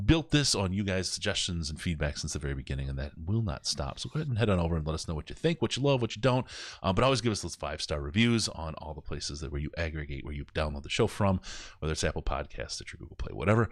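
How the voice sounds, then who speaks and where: A man's voice: extremely low pitch, expressive, fast, dry recording, clean studio sound. A man hosting a live sports podcast, running through upcoming dates and plugs in a loose, joking, rambling way with plenty of fillers. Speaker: podcast host.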